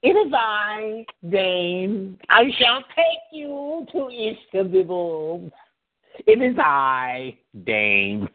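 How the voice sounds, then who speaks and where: A man putting on a slow, pompous, grandiose announcer. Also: high-pitched, big pitch swings, pitched above the performer's own voice, full character voice. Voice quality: slow, stately, pompous delivery. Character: grand, self-important man announcing himself. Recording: phone-like radio audio.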